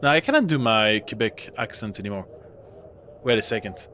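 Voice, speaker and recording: A man's voice: on the low side, animated, fairly quick, pushed and bright, slight background noise. A man streaming a horror game, chatting casually in a rambling way and breaking off with laughs. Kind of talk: casual gameplay commentary.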